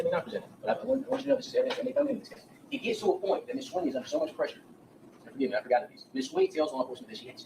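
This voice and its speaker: Speaking straight to the jurors in a courtroom, a defense attorney gives his opening statement and performs what the witnesses said. His slightly high voice is picked up from a distance in a low-quality recording with a bit of background noise.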